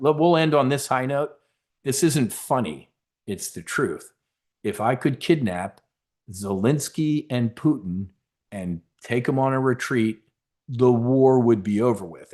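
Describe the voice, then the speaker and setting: A man's voice: fairly low pitch, a little mellow. A man hosting a live webinar, talking casually in a rambling, emphatic, preacher-like way. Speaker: webinar host.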